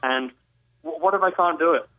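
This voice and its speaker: A man's voice: a little high, moderate pace, dry recording. A man in his twenties with a mixed British and Mid-Atlantic accent, calling in to a show and speaking a little hesitantly. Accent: British-Mid-Atlantic mix. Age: 20s. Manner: hesitant, self-deprecating. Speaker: caller. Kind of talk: casual call-in chat. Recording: tinny phone line.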